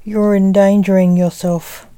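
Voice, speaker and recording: A woman's voice: mid-range voice, little pitch movement, a little slow, warm tone, dry recording, natural voice. A woman reading the part of a blunt young enchantress girl in a story. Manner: blunt, matter-of-fact.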